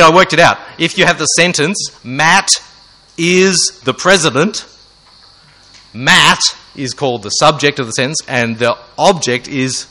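A man's voice: on the high side, sharp tone, low-quality recording. A young man giving a joking talk to a student audience, self-mocking and asking the crowd questions. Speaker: student ministry speaker.

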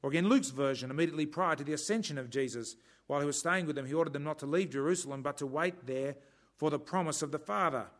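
Slightly high-voiced man preaching. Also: a bit bright. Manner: measured, emphatic delivery with dry humorous asides. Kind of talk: sermon.

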